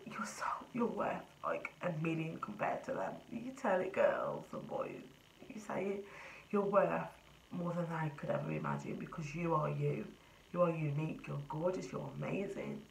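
A young woman in her twenties pours out her feelings in a casual vlog, earnest and rambling. Her voice sits low. She is a little distant from the mic in a roomy, echoing space. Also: gravelly, slight background noise. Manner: emotional, earnest, rambling with restarts. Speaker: vlogger. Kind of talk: casual confessional chat.

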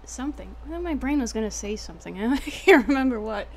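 Young woman, Texan accent, gravelly voice, laid-back jokey streamer talk. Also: fairly high pitch, animated, brisk, slight background noise. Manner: laid-back, jokey, slangy, swears casually. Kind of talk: casual gameplay commentary.

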